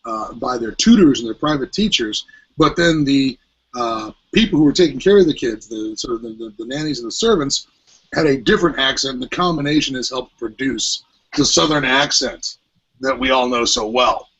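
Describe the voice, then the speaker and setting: A man's voice: mid-range voice, animated, moderate pace, a bit bright, slightly rough. A man co-hosting a podcast, talking in a rambling, hesitant way with many fillers. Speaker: podcast co-host. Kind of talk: casual podcast discussion. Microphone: headphones with mic at home. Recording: dull lo-fi podcast audio.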